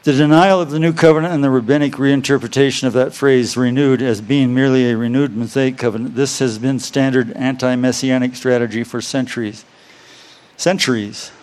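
A man preaching a sermon to his congregation, reading scripture slowly and stressing key phrases by repeating them. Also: medium pitch, steady tone, darkish tone. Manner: reads scripture aloud slowly. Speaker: pastor.

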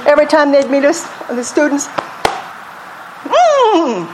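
A woman preaching a sermon, animated and leading the congregation to repeat scripture back to her. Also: high-pitched, unhurried, noisy background. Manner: lively, calls on the congregation to repeat.

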